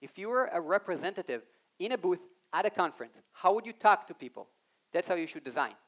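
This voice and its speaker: A man giving an animated live talk on a conference stage, speaking straight to the audience and acting out quoted voices. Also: high-pitched, quick pace. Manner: animated, addresses the audience directly.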